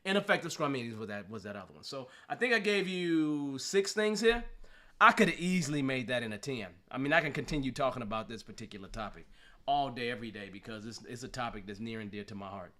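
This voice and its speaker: A man's voice: mid-range voice, expressive, fast talker, bright, forceful tone. A man hosting a live streamed talk show, talking animatedly about his work with rhetorical questions and frequent laughs. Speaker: show host and Scrum trainer.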